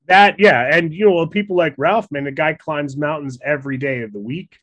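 A man whose voice sits a little higher than most men's. He chats casually and pokes fun at himself, laughing often. The recording is dry and close. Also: moderate pace, fairly bright tone, no echo. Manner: laughs often, self-deprecating. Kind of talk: casual storytelling chat.

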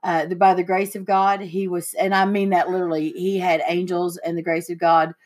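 Animated woman storyteller. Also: fairly quick. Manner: animated storyteller, acts out quotes with big pitch jumps. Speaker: podcast host. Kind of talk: casual chat.

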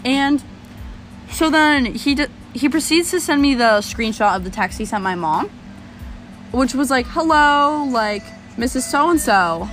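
A young woman telling a story in casual chat, animated and swearing as she talks. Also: high voice, a little slow, faint music behind. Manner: animated, swearing, laughing often.

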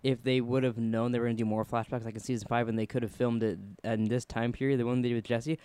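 A man's voice: mid-range voice, level tone, quick pace, darkish tone, clean tone, no room sound. Man, podcast co-host, casual rambling chat, frequent laughs, dry close sound. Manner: rambling, laughs often, self-mocking.

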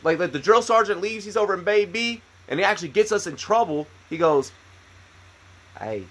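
A man in his thirties with a slightly high, husky voice. He rambles through a story with constant profanity, cutting himself off and starting again, in a loose, casual podcast chat. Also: fast talker, a bit bright. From United States. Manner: profane, rambling, many restarts. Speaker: podcast co-host, military veteran.

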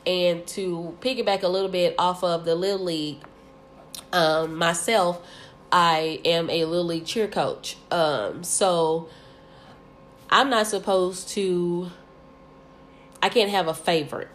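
Earnest forties woman, co-host; lowish voice, emphatic, repeats herself, faint background noise. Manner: earnest, emphatic, repeats words, many fillers. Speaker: co-host, cheer coach and mother. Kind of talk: casual podcast discussion.

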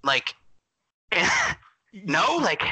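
A man co-hosting a sports podcast, talking in a gushing, excitable way and admitting he is worked up. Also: high voice, drawn-out words, slightly rough, no room sound, rough recording. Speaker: podcast co-host.

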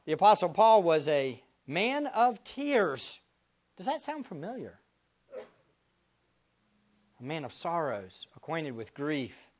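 A male pastor preaching a sermon, dropping to hushed near-whispers and then climbing to loud, emphatic rhetorical questions he repeats for effect. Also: a little high, sing-song, takes it slowly, pauses often.

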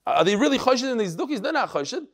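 A man giving a Talmud class lecture, explaining quickly and acting out the people he quotes. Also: extremely high pitch. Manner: animated, acts out quoted speakers. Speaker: Talmud teacher.

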